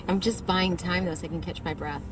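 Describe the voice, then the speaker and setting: A tired, breathless pop-star woman, heard in a documentary clip, chats after a show. The voice is low and sits far back in a loud, rumbling car. The clip sounds distant and noisy. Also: steady tone, moderate pace, lightly acted. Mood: weary, chatty. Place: moving car.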